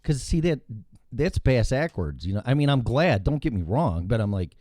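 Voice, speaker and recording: A man with a Chicago accent hosting a talk show in casual, profane chat, telling animated stories. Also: mid-range voice, moderate pace, no echo, studio quality.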